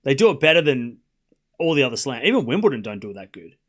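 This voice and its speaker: A man hosts a live tennis watchalong, rambling casually, answering viewer chat and calling points in quick play-by-play bursts. His mid-range voice swings widely in pitch.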